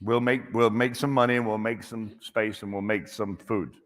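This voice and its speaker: A male chef with a lowish voice, talking to a live audience in a big hall that leaves a long echo. He is jokey and encouraging, and tells casual stories full of restarts. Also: steady tone, moderate pace, fairly bright tone. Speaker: chef answering audience questions. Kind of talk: casual, animated conversational talk. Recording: echoey hall.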